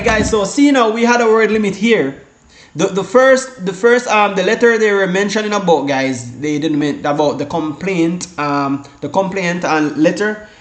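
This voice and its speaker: A man from the Caribbean giving a casual exam-prep lesson, rambling with many restarts and fillers, often saying "guys" and "all right". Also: fairly high pitch. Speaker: exam tutor. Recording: echoey room.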